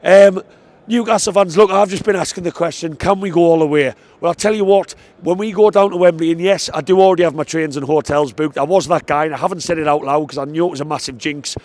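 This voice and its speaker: A man giving an excitable post-match football fan reaction outside the stadium, stressing his points. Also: on the high side, fast talker. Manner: excitable, emphatic, repeats "I tell you what".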